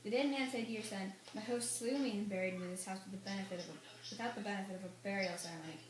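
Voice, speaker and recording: Girl reading a play script out loud, stressing some lines, roomy sound. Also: mid-range voice, racing. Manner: reads stage directions and lines with mild emphasis. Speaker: student reader. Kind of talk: reading a play script aloud, all parts. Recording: echoey room, faint noise.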